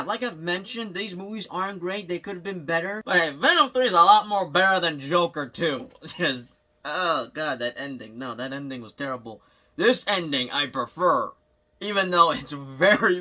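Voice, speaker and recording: A young man vlogging at home into his phone, rambling excitedly about movies with frequent laughs. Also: high-pitched. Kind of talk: casual movie vlog chat.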